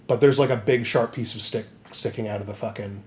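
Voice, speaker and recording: A man hosting a podcast, recapping a story in an animated, rambling comedic way. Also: lowish voice, brisk. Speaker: podcast host.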